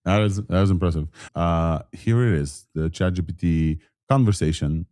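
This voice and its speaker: A man hosting a live tech stream, casually testing a voice assistant and urging it to go faster. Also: sits low, a little mellow, no echo, clean studio sound. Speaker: podcast host.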